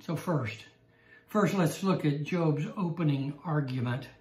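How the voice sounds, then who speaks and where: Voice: medium pitch, unhurried, a little mellow, reverberant. A Bible class teacher giving an evening lesson and telling a joke with chuckles and restarts.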